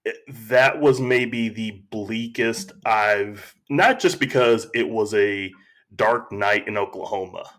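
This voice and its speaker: A man talking as a podcast guest, telling stories in a slow, reflective way and acting out quotes. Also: fairly low pitch, fairly bright tone. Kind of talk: casual conversation.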